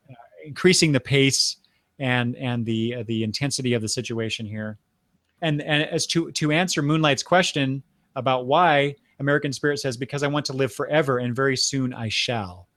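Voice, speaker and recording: A man's voice: medium pitch, fairly bright tone, dry recording. An older man hosts a casual comic book talk, retelling scenes in a mid-range voice. He stumbles and restarts often as he goes. The sound is dry and close, with no room in it. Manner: recaps scenes with frequent restarts and fillers. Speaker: podcast host.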